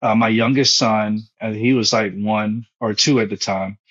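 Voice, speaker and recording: A man's voice: lowish voice, fairly even intonation, moderate pace, a bit bright, lo-fi sound. A man in his thirties, a former pastor, telling his own story with emotion and repetition in an interview. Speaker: guest, foundation founder and former pastor.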